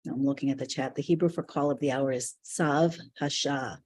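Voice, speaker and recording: A woman with a mellow, husky voice leads a live online spiritual class. She talks earnestly and reflectively, in loose, flowing phrases. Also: a bass voice, fairly even intonation, normal speed. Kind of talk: live online teaching session.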